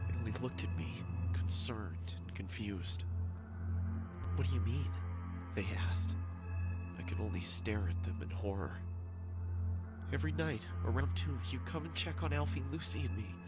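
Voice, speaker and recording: Hushed, somber young man voiced by a man narrating a horror story, low voice over music. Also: normal speed, lightly acted. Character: haunted young man recalling his brother's kidnapping. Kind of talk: scripted narration.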